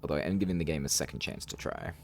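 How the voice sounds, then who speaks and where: Male streamer, very low, gravelly tone, wry casual commentary. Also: racing, slight background noise. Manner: wry, chatty, reacting aloud. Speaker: streamer playing a horror game.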